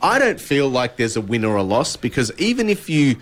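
A man's voice: medium pitch, very animated, brisk, fairly bright tone. Man enthusiastically explaining a game. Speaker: podcast co-host. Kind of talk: casual chat.

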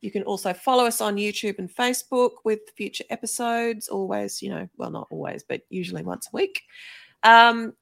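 A woman's voice: medium pitch, moderate pace, vocal fry, fairly bright tone. A woman, hosting a podcast in a breezy, joking way over a video call. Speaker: podcast host. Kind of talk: casual chat and sign-off.

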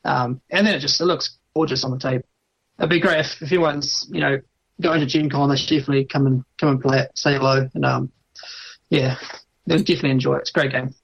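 A man with a New Zealand accent, a game designer talking casually and haltingly in an interview over an internet call. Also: mid-range voice, creaky, slightly rough, lo-fi sound. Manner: relaxed, halting with restarts.

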